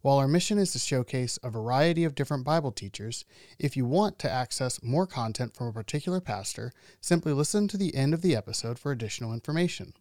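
A male announcer reading the scripted opening of a daily Bible-study podcast in a smooth, even delivery. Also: medium pitch, fast talker, dry recording, clean studio sound. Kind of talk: scripted show intro.

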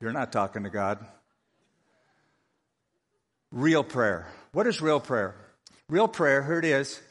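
A man preaching a sermon as pastor, lively and humorous, acting out other people's prayers to make his points. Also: mid-range voice, takes it slowly. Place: church sanctuary. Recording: long reverb of a large hall.

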